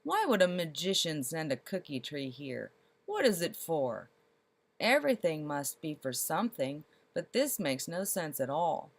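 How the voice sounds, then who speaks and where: Brief: woman reading as a fretful storybook mayor, pushing his questions higher and louder. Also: big pitch swings, unhurried, heavily acted. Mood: puzzled. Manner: rising, insistent questioning. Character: fussy, excitable male village mayor.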